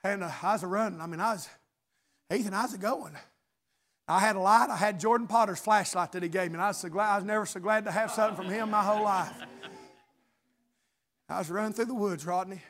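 High-voiced preacher, shouting and hushing. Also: male voice, fast talker, pauses often. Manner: chanting, shouted preaching cadence swinging to hushed storytelling. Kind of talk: sermon.

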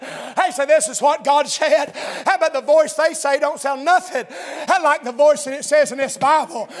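A man preaching a fiery revival sermon, shouting and drawling, dropping an amen after nearly every line. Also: extremely high pitch. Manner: shouting, drawling, dialectal grammar, constant amens.

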